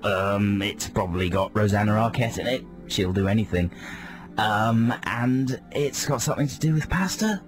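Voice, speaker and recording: A man's voice: on the low side, soft background music, voice pushed down, natural voice. A man doing a dreamy, camp rock star in a trance. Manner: drifting, whimsical, slow and breathy. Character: dreamy, camp, rambling male rock star under hypnosis. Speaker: radio host. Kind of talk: comedy radio sketch.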